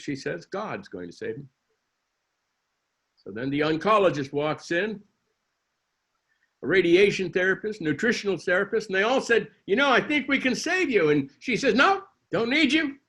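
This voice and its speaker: A man's voice: fairly high pitch, a bit bright, slightly rough. A man delivering a sermon as a minister, telling a story with dry humor.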